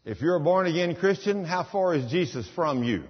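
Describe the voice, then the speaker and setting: A man's voice: a little high, animated, normal speed, slightly rough. A man preaching a sermon, emphatic, rising into commanding bursts. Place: church. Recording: dull sound with long hall reverb.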